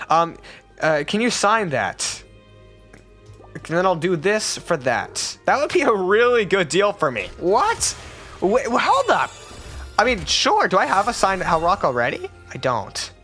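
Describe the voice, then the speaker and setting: A young man talks over his gameplay in a loose, jokey ramble, his pitch swinging all over the place and breaking into squeals when he gets excited. Soft music plays quietly behind him. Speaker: gaming YouTuber. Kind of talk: gaming commentary.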